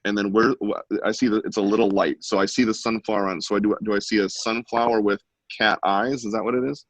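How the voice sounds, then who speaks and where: A man with a deep, low voice hosts a casual online art class, keeping up a playful, joking commentary as people draw. He talks over a video call and the sound is close and dry, with no room echo. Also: fairly even intonation, quick pace. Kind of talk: casual live-stream teaching.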